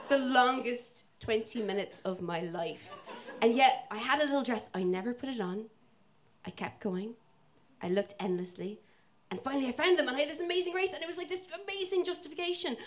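Irish woman storyteller, young adult, slightly high voice, self-mocking, plays the other people's lines. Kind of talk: personal story told to an audience.

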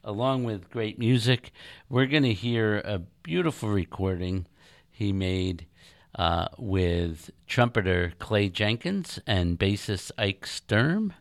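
A man's voice: lowish voice, lively intonation, slow pace, no room sound, clean studio sound. An older man hosting a jazz radio show, talking casually and hesitantly with many ums and uhs.

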